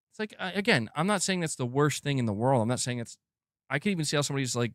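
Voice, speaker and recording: This man speaks quickly in a higher register, his voice recorded dry with studio-grade clarity. Hosting a gaming news stream, he goes on a casual, rambling rant, excitedly tossing in "like" constantly and swearing now and then.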